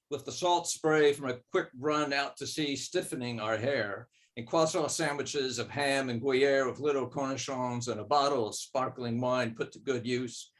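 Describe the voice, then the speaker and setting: A man's voice: medium pitch, fairly bright tone. A man, an author, reading a passage from his own novel aloud at an online book club event.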